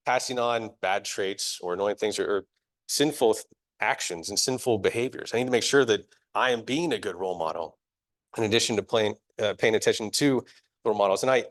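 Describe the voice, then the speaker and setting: A young man gives a live church sermon in an easygoing, conversational tone. He is self-deprecating and laughs at himself as he goes. His voice sits at an ordinary middle pitch. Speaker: preacher.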